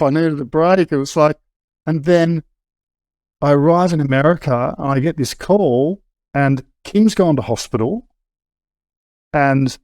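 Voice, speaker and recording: A man's voice: fairly high pitch, darkish tone, no room sound. A middle-aged Australian man, a guest in an interview, telling a personal story candidly and conversationally, restarting often. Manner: conversational, with frequent restarts and fillers.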